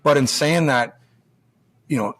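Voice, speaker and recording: A man's voice: mid-range voice, measured pace, a bit bright. A man in his forties, a former pro hockey player now coaching juniors, telling stories as a podcast guest in a loose, rambling, profane way and acting out quoted dialogue. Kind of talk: casual storytelling chat.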